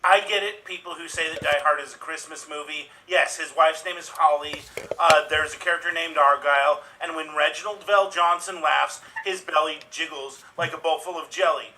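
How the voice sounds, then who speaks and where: A man panelist in an improv debate, delivering deadpan jokes one after another. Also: a little high, moderate pace, a little hiss or hum. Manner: deadpan, punchline-driven. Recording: distant mic.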